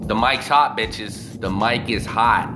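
A man's voice: fairly low pitch, slow, music in the background. A man talking casually on a live video, rambling and swearing freely as he tells a story. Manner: profane, loose and rambling.

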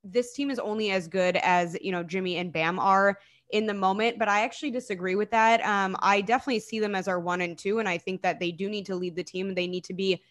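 A woman's voice: medium pitch, fairly even intonation, fast talker, a bit bright. Enthusiastic woman guest. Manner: enthusiastic, conversational, frequent fillers. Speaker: podcast guest. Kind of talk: casual sports podcast chat.

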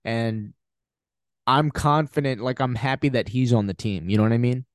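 A man's voice: mid-range voice, moderate pace, no room sound, studio quality. A man hosting a podcast, giving a casual, emphatic film review with frequent swearing and laughter. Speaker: podcast host.

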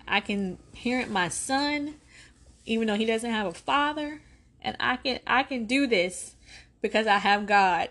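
A woman's voice: fairly high pitch, a bit bright. Earnest woman preaching on faith. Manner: earnest, preacherly, repeats phrases for emphasis. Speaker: podcast host. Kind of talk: faith-based parenting talk.

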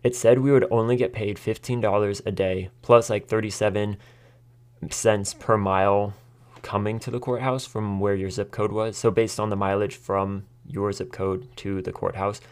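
A man's voice: fairly low pitch, fairly even intonation, normal speed, a little mellow. An American man hosting his own podcast, telling a story in a chatty, casual way, laughing often and acting out what people said. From United States. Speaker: podcast host.

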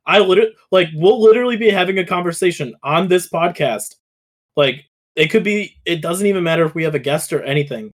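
A man co-hosting a casual podcast, his voice sitting a little high. He talks in animated bursts, swears often and breaks into laughs. His delivery is loose and conversational. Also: fairly quick. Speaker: podcast co-host.

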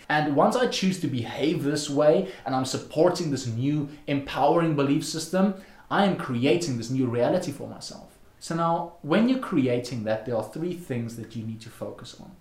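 A man's voice: medium pitch, roomy sound. A man coaching listeners in a motivational monologue, stressing his points with strings of rhetorical questions. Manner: emphatic, repetitive rhetorical questions. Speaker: self-help coach.

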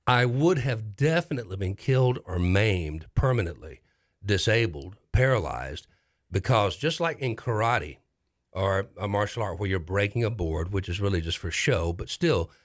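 A man telling a story in casual chat, rambling and halting with many restarts. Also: on the low side, dry recording, clean studio sound. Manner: animated storyteller.

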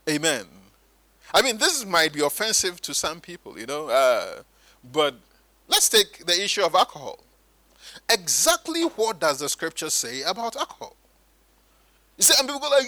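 A man preaching a sermon, animated and sometimes mimicking churchgoers in higher voices. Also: dry recording, rough recording.

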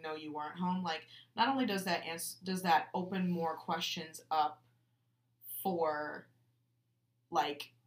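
A woman co-hosting a casual true-crime podcast, thinking out loud with many fillers, recorded in a bathroom. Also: fairly low pitch. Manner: musing, lots of "like" fillers. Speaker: podcast co-host. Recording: echoey bathroom.

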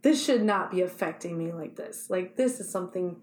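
A woman's voice: fairly low pitch, brisk, darkish tone. A woman co-hosting a casual podcast chat, telling a candid, emotional personal story. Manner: candid, emotional storytelling with quoted inner voices. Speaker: podcast co-host, actor. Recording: echoey room.

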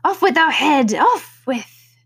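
A woman voicing a furious, tyrannical queen who screams her commands in a shrill, loud voice. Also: lively intonation, unhurried, slightly rough.

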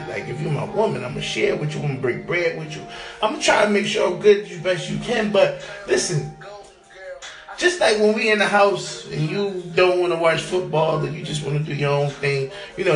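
A young man hosting a casual solo podcast, talking in a profane, animated way and laughing often. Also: fairly high pitch, echoey room. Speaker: podcast host.

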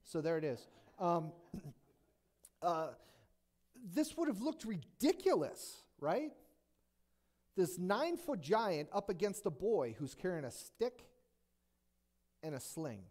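A man's voice: sits high, slow, long pauses. A male pastor preaching a sermon, retelling a Bible story with jokes and many rhetorical questions. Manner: animated, joking, rhetorical questions.

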